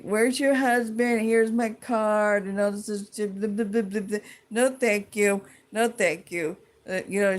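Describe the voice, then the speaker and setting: A woman ranting to her viewers in a heated, profane, rambling way, full of restarts and trailing thoughts. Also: medium pitch. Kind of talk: casual rant to camera.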